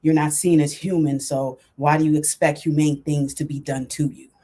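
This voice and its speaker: On a computer mic, a woman hosts a casual stream, talking to her audience with lots of fillers and false starts. Her voice is low-pitched and mellow, her tone level, her speed normal.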